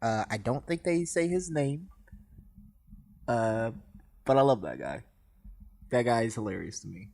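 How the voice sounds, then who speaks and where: A man's voice: mid-range voice, lively intonation, a little slow, gravelly, pauses often, a little mellow. A man co-hosting a casual podcast chat, laughing often between his remarks. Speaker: podcast co-host.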